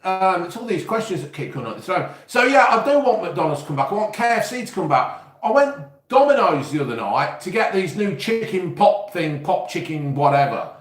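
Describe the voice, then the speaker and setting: A man's voice: high-pitched, big pitch swings, a little fast, few pauses, roomy sound. A man with an East Midlands English accent, rambling and swearing casually as he chats to viewers on his live stream. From England. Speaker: YouTube host.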